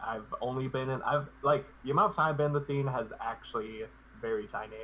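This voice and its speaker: A man's voice: medium pitch, fast talker, sharp tone, a little hiss or hum, poor audio. A man being interviewed as a guest on a live stream, talking in a laid-back, hesitant way and often restarting his sentences.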